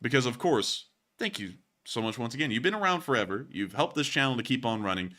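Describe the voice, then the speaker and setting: A man's voice: medium pitch, expressive, quick pace, bright, forceful tone. A man hosting a live war-news stream, rambling chattily with fillers while thanking viewers. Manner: rambling, chatty, frequent "uh" and "let's see here". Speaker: war news show host. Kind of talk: livestream commentary and thanking viewers.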